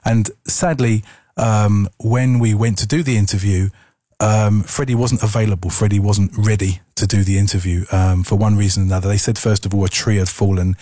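A man's voice: lowish voice, steady tone, moderate pace, dark tone, no echo, clean studio sound. A man presenting on the radio, telling a story in a casual, rambling way with frequent ums. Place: radio studio.

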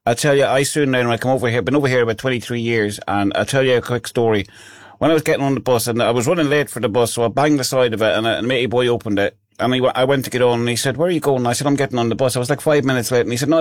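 A man's voice: mid-range voice, no echo, clean studio sound. An Irish man with a slight English twang, hosting a casual radio chat and telling stories. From Ireland, near Dundalk. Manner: chatty storyteller.

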